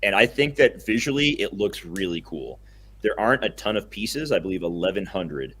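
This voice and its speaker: A young man co-hosting a casual podcast, chatting enthusiastically and rambling a little, quick to laugh. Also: sits low, animated, a bit bright, breathy edge. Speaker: podcast co-host.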